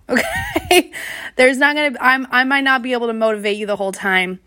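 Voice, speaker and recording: Young woman, podcast host, chatty storyteller who laughs a lot, mid pitch. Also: fairly bright tone, no echo, studio quality. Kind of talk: casual solo podcast chat.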